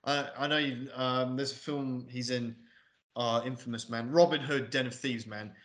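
A man with a mid-range voice and fairly even intonation hosts a film review podcast at a moderate pace. He chats casually, swearing a lot, going off on rambling asides, and doing mocking impressions.

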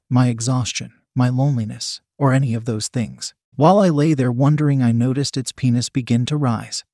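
A man reading a first-person story aloud with steady, even narration. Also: medium pitch, no room sound, clean studio sound. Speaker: reader.

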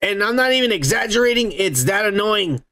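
A man's voice: high voice, animated, fairly quick, sharp tone. A man hosting a podcast in casual chat, ranting and cursing freely. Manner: profane, ranting. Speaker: podcast host.

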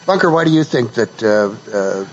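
A man hosting a radio talk show, asking short questions and leading into a commercial break in a relaxed, conversational way. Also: medium pitch, normal speed. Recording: dull lo-fi radio broadcast with light noise.

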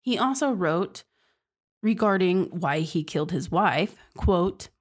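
A woman's voice: on the low side, animated, takes it slowly. A young woman hosting a true crime podcast, narrating earnestly and speaking casually to her listeners. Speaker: podcast host.

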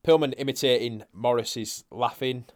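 A man's voice: mid-range voice, normal speed. A man co-hosting a podcast, recapping a wrestling match in casual chat, laid-back and swearing freely. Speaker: podcast co-host.

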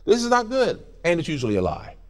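A middle-aged man preaching in a church with a lively, swooping voice. He is animated and playful, slipping in quoted voices and snatches of song between his points. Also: a little high, quick pace. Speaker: pastor. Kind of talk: sermon. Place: church sanctuary.

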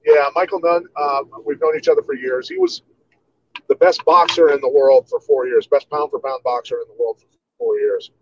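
Relaxed man from Iowa telling stories. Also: a little high, normal speed, highs cut off, slight background noise. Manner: relaxed storyteller, many "you know"s. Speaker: guest, martial artist. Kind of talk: casual interview storytelling.

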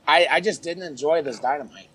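A man's voice: fairly high pitch, a little fast, fairly bright tone, breathy edge. A man co-hosting a casual podcast chat, with exasperated, profane ranting. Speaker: podcast co-host.

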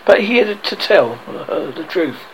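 A man's voice: fairly high pitch, big pitch swings, unhurried, a bit bright, a little hiss or hum, low-quality recording. A man narrating a storybook aloud, often stumbling and correcting himself. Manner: reads with frequent stumbles and self-corrections. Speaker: audiobook reader.

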